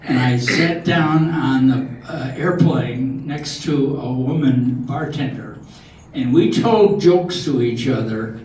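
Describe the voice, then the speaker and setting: An older man telling corny jokes at a talent show in a slow, halting way, often restarting his words. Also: medium pitch, a little mellow. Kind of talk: stand-up joke telling. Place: large hall with live audience. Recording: echoey hall from far off, audience noise.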